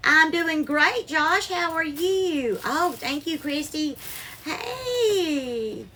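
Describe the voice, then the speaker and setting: A woman chats her way through a live cooking stream, her voice high and bright with a sharp edge. She greets viewers one by one by name and calls them darling while she cooks. It sounds picked up by a phone in a home kitchen. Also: expressive, drawn-out words, slight background noise.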